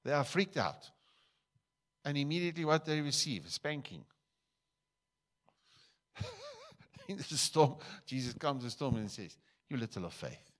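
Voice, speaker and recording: A male pastor from South Africa preaching a sermon in a church, switching between loud emphatic bursts and quiet asides. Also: a little high, wildly swooping pitch, measured pace, pauses often.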